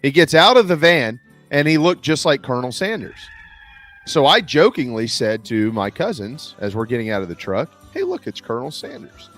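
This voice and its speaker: A man's voice: medium pitch, expressive, normal speed, fairly bright tone, faint music behind. A man hosting a radio talk show, telling stories in casual chat from a studio microphone. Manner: storytelling with Southern "y'all".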